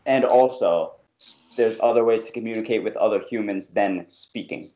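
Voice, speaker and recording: A man's voice: on the low side, normal speed, dark tone, lo-fi sound. A young man in a casual chat with friends, hesitant, with many fillers, saying "bro.".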